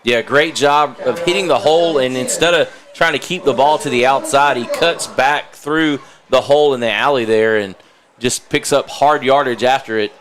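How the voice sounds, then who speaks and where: A man with a mid-pitched voice breaks down plays in a calm, analytical way as the color commentator. Faint background ambience sits under his voice. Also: moderate pace, noisy background. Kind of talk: live sports color commentary.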